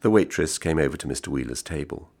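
A man reading a literary short story aloud in a measured, understated way. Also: extremely low pitch, animated, vocal fry, darkish tone, breathy edge. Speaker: reader.

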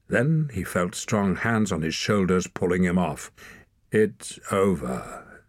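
A man's voice: low voice, expressive, measured pace, no room sound, clean studio sound. A man narrating a story as an audiobook reader, reading expressively. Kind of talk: scripted narration.

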